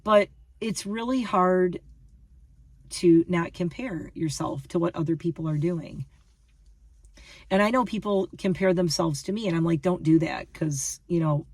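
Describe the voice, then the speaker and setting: A woman's voice: fairly low pitch, darkish tone, dry recording, distant mic. A woman rambling through a casual vlog monologue, chatty and self-deprecating. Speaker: vlogger.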